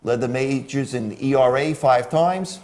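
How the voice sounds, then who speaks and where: A man's voice: mid-range voice, unhurried, a little mellow. A man co-hosting a sports talk show in casual chat. He reads out stats, laughs easily and chimes in with short replies.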